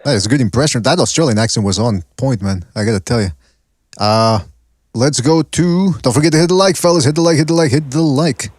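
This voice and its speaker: A man's voice: mid-range voice, fairly quick, a little mellow, dry recording, clean studio sound. A man hosting a call-in podcast, teasing callers in a jokey way. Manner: jokey, teasing, laughs often. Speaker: podcast host.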